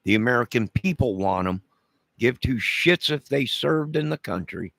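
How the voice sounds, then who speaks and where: Man from chicago, gravelly voice, dry sound, menacing rambling rant, repeats himself, slow heavy emphasis. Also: on the low side, animated, fairly bright tone, no echo. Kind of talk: rambling direct-to-camera rant.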